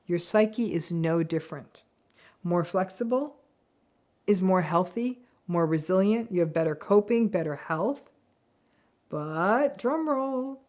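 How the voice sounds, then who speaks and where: A woman's voice: fairly low pitch, expressive, unhurried, mellow. A woman psychologist giving an educational talk to camera. She speaks directly and with emphasis, acting out the replies she quotes. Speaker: psychologist explaining healthy relationships.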